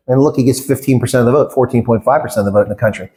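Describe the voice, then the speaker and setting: A middle-aged man answering questions in an interview, with a voice pitched right in the middle range. He talks in an emphatic, indignant way and often asks rhetorical questions. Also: very fast, hardly any pauses, dark tone, a little hiss or hum. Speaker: interview guest, former election candidate.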